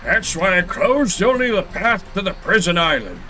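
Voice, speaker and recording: A man voicing a brash male gatekeeper in a video game, blustering and shouting. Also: high voice, very animated, normal speed, faint music behind, voice pushed up, full character voice, poor audio. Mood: blustery.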